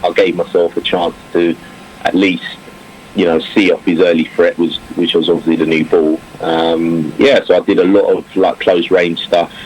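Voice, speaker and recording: Deep-voiced man, reflective and rambling. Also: rough recording. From England. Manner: reflective, many fillers and restarts. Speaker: former cricketer, guest. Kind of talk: casual interview talk. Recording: faint background noise.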